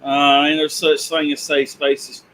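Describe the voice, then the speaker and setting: A man's voice: a little high, completely flat delivery, takes it slowly, bright, forceful tone, poor audio. A man chatting casually as a regular on a live stream, blunt and folksy in his remarks. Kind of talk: casual chat. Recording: faint ambient noise.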